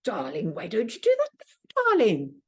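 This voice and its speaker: A woman's voice: medium pitch, wildly swooping pitch, moderate pace, husky, full character voice. A woman voicing her eccentric, bohemian older aunt, an ex-actress who gushes and calls everyone darling. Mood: affectionate.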